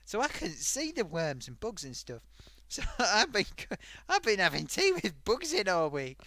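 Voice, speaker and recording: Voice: normal speed, no echo, heavily acted. A performer voicing a chatty old grandmother sock puppet who hosts a live stream and tells a rambling story. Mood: amused. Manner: rambling, animated, wild pitch swings.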